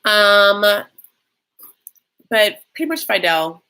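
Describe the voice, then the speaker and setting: A woman's voice: medium pitch, sing-song, slow, sharp tone, clean tone. Chatty woman gossiping through a reaction stream. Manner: chatty, lots of fillers, bursts of speed, gossipy. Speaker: reaction show host. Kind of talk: casual live reaction commentary.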